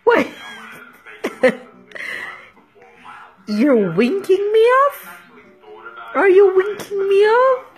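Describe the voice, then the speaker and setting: Laughing young mom, high lively voice. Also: female voice, drawn-out words, long pauses. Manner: laughing, teasing, sing-song. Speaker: mother filming her baby. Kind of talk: playful baby talk. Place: home.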